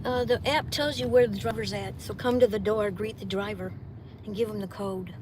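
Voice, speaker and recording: A woman's voice: medium pitch, steady tone, moderate pace, darkish tone. An older woman, a delivery gig driver, vents in an angry, profane monologue from inside her car. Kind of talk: venting vlog monologue. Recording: car and road noise.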